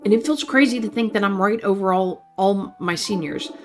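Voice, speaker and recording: A woman's voice: medium pitch, normal speed, close to an everyday voice. A woman voicing an earnest, self-doubting young man. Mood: troubled. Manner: hesitant, self-doubting, stumbling. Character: earnest, unsure young man, anxious and questioning. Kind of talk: reading interactive fiction aloud.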